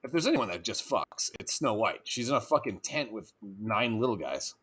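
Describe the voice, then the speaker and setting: A man's voice: lowish voice, very animated, moderate pace, fairly bright tone, husky. A man co-hosting a crude, casual podcast chat, rambling, laughing often and slipping into goofy voices. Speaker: podcast co-host.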